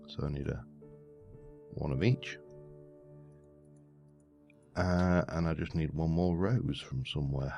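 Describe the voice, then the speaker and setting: Very deep, gravelly man. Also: dark tone, lo-fi sound. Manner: rambling, muttering while counting items. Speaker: let's play host. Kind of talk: casual gameplay commentary. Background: faint background music.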